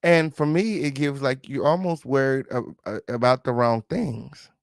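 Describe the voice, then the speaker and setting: A man's voice: medium pitch, a little slow, creaky, dry recording, studio quality. A man hosting a live reaction commentary, sassy and chatty, talking straight to his viewers and repeating his catchphrases. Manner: repeats catchphrases, mock-dramatic asides. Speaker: host reacting to news.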